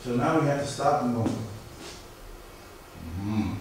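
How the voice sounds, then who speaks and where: A man's voice: medium pitch, fast. Man, classroom lecture, repeats himself, very roomy reverb, faint background noise. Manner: repeats himself, asks rhetorical questions. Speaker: professor. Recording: echoey lecture hall, far from the mic.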